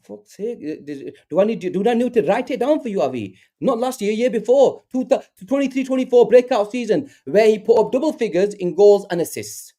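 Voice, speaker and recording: Male football pundit, heated and repetitive, very lively intonation. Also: sits high, a little fast, hardly any pauses. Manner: animated, argumentative, repeats himself, talks over others. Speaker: podcast panelist.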